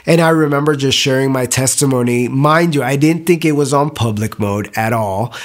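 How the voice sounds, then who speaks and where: A man's voice: medium pitch, normal speed. Young guy telling his testimony, earnest and emotional, stumbles and restarts a lot. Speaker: testimony speaker. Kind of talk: personal testimony.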